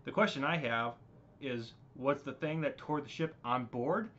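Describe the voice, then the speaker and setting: A man's voice: medium pitch, a little slow, fairly bright tone, voice pushed up, natural voice. A man voicing Deborah, a cautious mother, asking questions on a dull lo-fi recording. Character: Deborah, cautious mom on the team.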